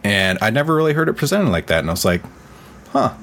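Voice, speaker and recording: A man's voice: on the low side, very animated, very fast, fairly bright tone, slight background noise. A man in his thirties telling a personal faith story in casual talk, earnest and full of fillers. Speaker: podcast co-host.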